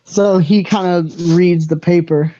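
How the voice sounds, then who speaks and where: Brief: young game master, relaxed rambling narration, dry muted mic. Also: male voice, sits high, unhurried, dry recording, dull audio. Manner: loose, casual narration with fillers.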